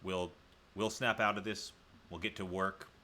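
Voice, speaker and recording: Deep-voiced chatty man hosting a livestream. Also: steady tone, unhurried, bright, forceful tone, slight background noise. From US South. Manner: rambling, self-correcting, chatty asides to viewers. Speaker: livestream host. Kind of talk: casual livestream chat.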